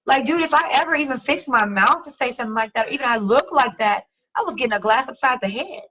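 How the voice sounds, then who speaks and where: A middle-aged woman hosting a casual chat, reading viewer comments, slangy and animated, swearing casually and laughing often. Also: high voice, quick pace, rough recording. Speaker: host.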